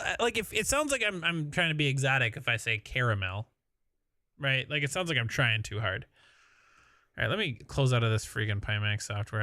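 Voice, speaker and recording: Bright-voiced Midwestern guy streaming. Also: mid-range voice, no echo, studio quality. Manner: rambling, laughing, swears freely. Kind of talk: casual live-stream chat.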